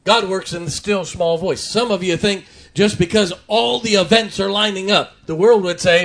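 A male pastor preaching from his pulpit in a church. His pitch sits a little high for a man, and he punches key words loudly before dropping into quiet, fast asides. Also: steady tone. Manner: preaching with sudden loud emphasis and quiet asides. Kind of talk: sermon. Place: church sanctuary.

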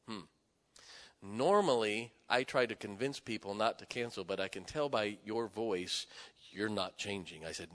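A middle-aged man preaching a sermon, telling stories with loud emphatic bursts and quiet asides. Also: lowish voice, a little slow. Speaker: pastor. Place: church sanctuary. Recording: long hall reverb in a church.

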